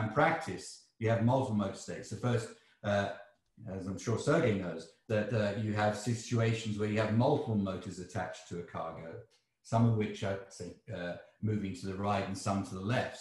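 An English man fields a seminar question, thinking aloud with frequent restarts. His voice sits on the low side and rings through a strongly echoing room. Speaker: seminar speaker. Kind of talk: academic Q&A answer. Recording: echoey room.

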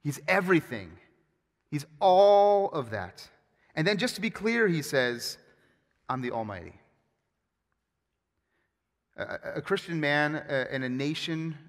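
A man preaching a sermon as pastor, with animated, emphatic storytelling and frequent restarts. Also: mid-range voice. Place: church sanctuary. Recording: long hall reverb.

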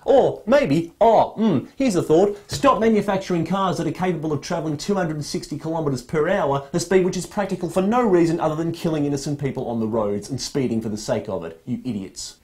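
A man's voice: a little high, brisk, hardly any pauses, a little mellow. A young Australian man delivering a sarcastic, exasperated comedy rant as presenter.

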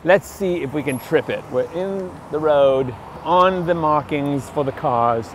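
His pitch is fairly high and his delivery a little slow. Out on a bicycle on quiet town streets, the vlogger rambles to himself, bickering in two voices and moving in and out of a half-British accent, while faint street and traffic noise plays underneath.

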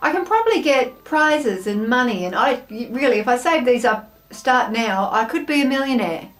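A woman's voice: fairly high pitch, animated, moderate pace. An Australian woman hosting a snack taste-test vlog, chatting to camera in a bubbly, self-mocking way. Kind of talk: casual chat to camera.

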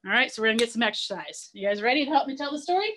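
A woman zoo educator leading an online class for children, playful and energetic, telling a myth and getting the kids to run and chant along. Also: on the high side, rapid-fire.

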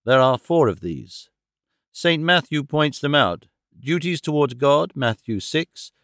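Measured male audiobook narrator. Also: a little high, lively intonation, a bit bright, no echo, clean studio sound. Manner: measured, formal storytelling. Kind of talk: scripted narration.

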